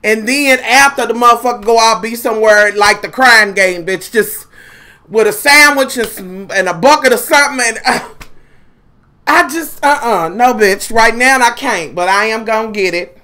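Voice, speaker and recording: A woman chats straight to her viewers in a loose, profane vlog. She tells it dramatically, cursing freely, and her voice jumps from loud, high outbursts down to quiet, low asides. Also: moderate pace. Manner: profane, dramatic, animated storytelling. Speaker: vlogger. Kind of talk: casual chat to viewers.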